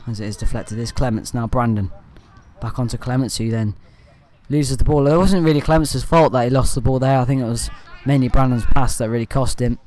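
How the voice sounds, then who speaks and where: A man giving a rambling, partisan amateur voice-over commentary on his team's football match, often saying "anyway" to move on. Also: mid-range voice. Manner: partisan, with excited bursts at good play. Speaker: fan channel commentator.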